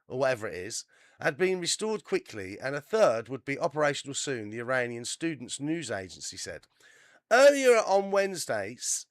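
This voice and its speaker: A man's voice: mid-range voice, fairly bright tone, no echo, studio quality. Chatty man reading the news with asides. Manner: chatty asides, self-deprecating, stumbles over names. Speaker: livestream host. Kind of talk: reading news with casual commentary.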